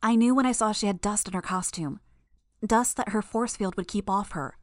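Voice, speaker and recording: A woman's voice: medium pitch, moderate pace, dry recording, clean studio sound, natural voice. A woman voicing a clever, smug young villain who speaks in a strained, injured way, in an audiobook. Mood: knowing. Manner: strained, knowing. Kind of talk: audiobook character voice.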